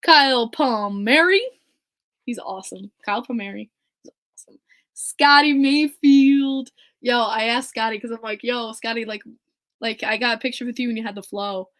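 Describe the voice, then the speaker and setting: Woman host, solo podcast, a touch high-pitched, giddy and gushing, laughs a lot. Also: normal speed. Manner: gushing, excitable, laughs often. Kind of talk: casual solo podcast chat.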